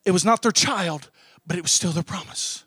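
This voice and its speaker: A young male pastor preaching a sermon with passion, swinging from shouts down to hushed near-whispers. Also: sits high, normal speed, breathy edge, dry recording, studio quality. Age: young adult.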